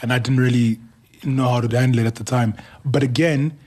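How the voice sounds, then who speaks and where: A man, a radio host telling stories in casual studio chat, animated and laughing often. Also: medium pitch, brisk.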